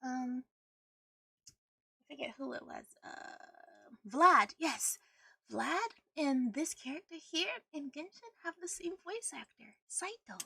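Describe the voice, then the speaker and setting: A woman's voice: high voice, lively intonation, slow, gravelly, pushed and bright, no echo. A woman streaming a video game, chatting casually and rambling with frequent laughter. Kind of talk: casual gameplay stream chat.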